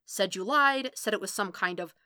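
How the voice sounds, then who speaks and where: A stubborn young college man, read by a woman, pressing hard with blunt, insistent questions. His pitch climbs and his voice sharpens when he pushes. The tone is bright, in a dry, close recording. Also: normal speed, no echo, lightly acted. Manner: pushy, escalating to shouting.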